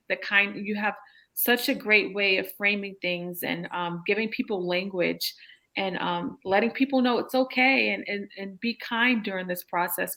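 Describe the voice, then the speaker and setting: A woman hosting a podcast, chatting in an animated way with frequent laughs and many fillers. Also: medium pitch. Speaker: podcast host, therapist. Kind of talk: casual interview chat.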